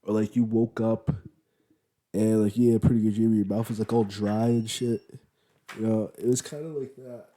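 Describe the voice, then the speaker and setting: A man talks through a wrestling show review in a loose, rambling way, with lots of fillers. His voice sits a little low and sounds dark and relaxed. He records at home and eats as he talks. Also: normal speed. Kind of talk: casual spoken review. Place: at home, eating while recording.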